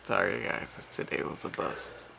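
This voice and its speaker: A young man vlogging at home while feeling unwell, teasing in a deadpan way. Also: a little slow, a little hiss or hum. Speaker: family vlogger. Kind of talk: casual chat.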